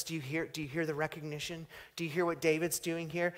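A man preaching a sermon, reading scripture aloud and swinging from booming emphasis to hushed, drawn-out phrases. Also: flat delivery. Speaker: pastor.

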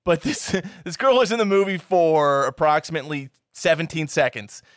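A man's voice: normal speed, no room sound. A man co-hosting a podcast, chatting casually about a movie and swearing as he does mocking character voices. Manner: animated, swearing, mimics film characters in high shouts. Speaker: podcast co-host. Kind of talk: casual movie-review chat.

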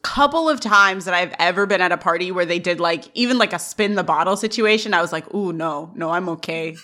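Bright-voiced woman recapping with giggles. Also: lowish voice, fast. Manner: animated retelling, giggly. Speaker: podcast co-host. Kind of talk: casual scene-by-scene recap.

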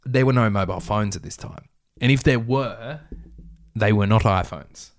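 A man's voice: on the low side, moderate pace. A man reading his own story aloud, breaking off for wry, joking asides.

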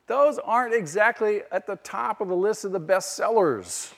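A man's voice: high-pitched, animated, moderate pace, vocal fry, a bit bright. A man preaching a sermon as pastor, emphatic and peppering the congregation with rhetorical questions. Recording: long hall reverb.

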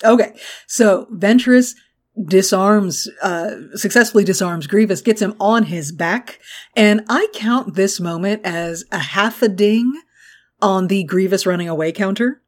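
Animated Texan woman chatting. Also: medium pitch, a little slow. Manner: animated, laughs often, swears casually. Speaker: podcast co-host. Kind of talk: casual chat.

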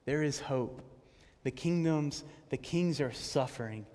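With a fairly high-pitched voice, a man preaches passionately on a psalm, halting and repeating words as he reads and explains scripture. He rises to loud cries, then drops to hushed tones, all under a long hall reverb.

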